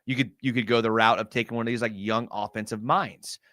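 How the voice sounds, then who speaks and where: A man's voice: mid-range voice, fairly quick, no room sound, clean studio sound. A man hosting a live fan show, breaking down game film in a casual, exasperated ranting style and answering chat. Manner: animated, exasperated rants with sarcasm.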